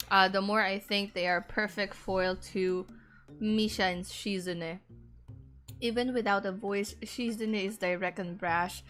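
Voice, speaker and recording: A reserved young male student narrating his thoughts in a visual novel, read by a woman. The reading is plain and reflective, the pace is slow, and the tone is bright. Faint music sits underneath. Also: medium pitch, close to an everyday voice.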